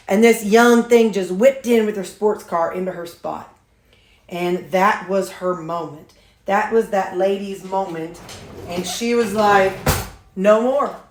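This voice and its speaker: While making supper, a woman with a mid-range voice chats casually, rambling through a story with lots of ums. She's a vlogger who shows her meals, and the sound is reverberant.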